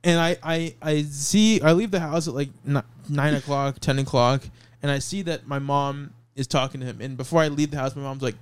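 A man's voice: on the high side, fairly even intonation, fairly quick, hardly any pauses, clean tone. A man casually telling a long rambling story on a podcast, laughing through it. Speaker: podcast co-host.

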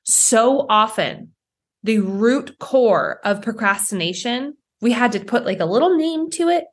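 Candid, animated woman podcast host. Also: a little high, unhurried. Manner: animated, candid, acts out inner voices, swears casually. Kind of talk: solo podcast monologue.

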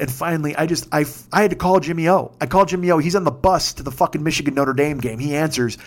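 Fifty-something podcast host, slightly high voice, swearing constantly and rambling through the story. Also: male voice, quick pace, few pauses. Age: 50s. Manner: profane, excitable, rambling. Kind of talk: casual storytelling rant.

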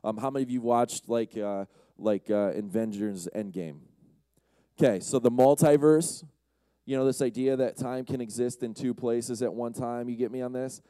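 A man's voice: medium pitch, moderate pace, dark tone, smooth, dry recording. A man giving a casual, conversational sermon to a live audience, often asking the crowd questions and acting out quotes. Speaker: youth speaker.

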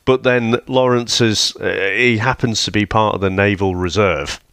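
A man's voice: lowish voice, fairly even intonation, normal speed, fairly bright tone, clear, resonant tone, dry recording, studio quality. A man, co-hosting a casual film review podcast, laughing often as he talks. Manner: chuckling, loose with fillers. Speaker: podcast co-host.

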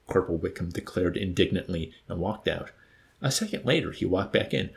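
A low-voiced man reads a novel aloud as an expressive narrator. His voice has a gravelly grain and a lively rise and fall. Between chapters he chats about the book in the same voice. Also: a little fast. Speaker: reader and co-host. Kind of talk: audiobook reading and book discussion.

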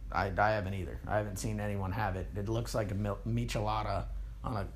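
A man's voice: lowish voice, level tone, fast talker, slight background noise. A man hosting a podcast, chatting casually, teasing his co-host and laughing often. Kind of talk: casual chat.

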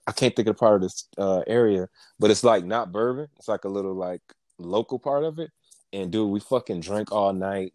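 A young man co-hosting a podcast, telling a rambling, animated story with laughs and a lot of swearing. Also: on the low side, no echo. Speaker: podcast co-host. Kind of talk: casual chat.

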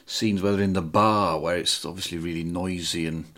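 A man's voice: deep voice, steady tone, moderate pace, pushed and bright. A man in casual film discussion, chiming in with short agreements and questions.

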